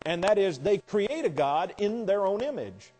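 A man's voice: sits high, very animated, moderate pace, darkish tone. A man teaching a Bible class lecture, explaining verses step by step with wry asides. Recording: long hall reverb.

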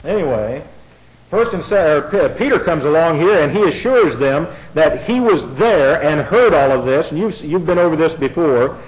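A middle-aged man preaching a sermon, folksy and sarcastic, swinging between quiet asides and loud outbursts. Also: a little high, lively intonation, normal speed, low-quality recording.

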